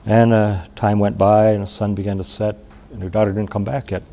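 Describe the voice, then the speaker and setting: Gravelly low-voiced male storyteller. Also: little pitch movement, warm tone. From Wisconsin. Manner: unhurried, plain-spoken, with pauses and restarts. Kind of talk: traditional oral storytelling.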